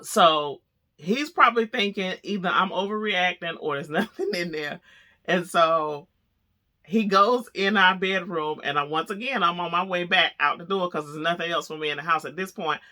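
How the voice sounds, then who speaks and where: A woman vlogger telling a story to camera, chatty and animated, laughing as she goes. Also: on the low side, normal speed.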